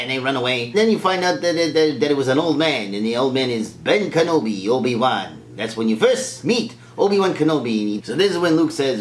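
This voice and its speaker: A man's voice: medium pitch, fairly quick, few pauses, reverberant, a little hiss or hum. A man recapping a film as comedy, jumping into silly impressions and laughing at his own jokes. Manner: animated, mocking, laughs at own jokes, slips into voices.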